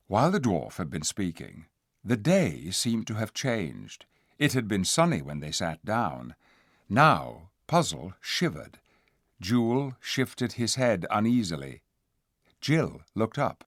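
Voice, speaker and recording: A man's voice: a little slow, no room sound, studio quality. A man reading a fantasy audiobook aloud, shifting his delivery for each character. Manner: lively, shifts pitch and loudness for each character. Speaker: audiobook narrator.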